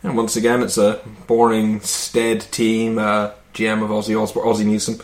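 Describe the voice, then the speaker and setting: A man's voice: on the low side, monotone, normal speed. A man co-hosting a podcast, rambling and self-deprecating with crude humor. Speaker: podcast co-host. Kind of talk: casual joking chat.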